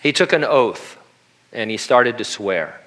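A man's voice: medium pitch, expressive, unhurried, a bit bright. A man preaching a sermon in a conversational way, with humorous asides and acted-out quotes. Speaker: pastor.

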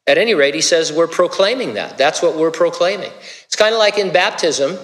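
A man's voice: fairly high pitch, lively intonation, fairly quick, a bit bright, in a large hall. A male pastor preaching a sermon in a casual, conversational way, with stammered restarts.

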